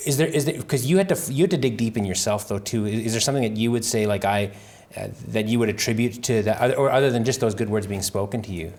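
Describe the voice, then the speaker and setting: A man's voice: lowish voice, fast, darkish tone. A man hosting a podcast interview, asking reflective and hesitant questions with frequent restarts. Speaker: podcast host, musician. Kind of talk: casual interview.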